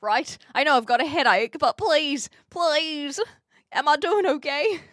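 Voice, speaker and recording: A streamer with a New Zealand accent chats casually with her live audience, reading their messages aloud and answering them. Her voice sits high and fairly bright, and she speaks unhurriedly in a clean studio recording with no echo.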